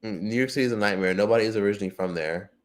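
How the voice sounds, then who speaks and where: A man hosting a casual livestream and reading viewer comments. He is profane and excitable, with loud outbursts that drop to low mutters. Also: rapid-fire. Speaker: livestream host.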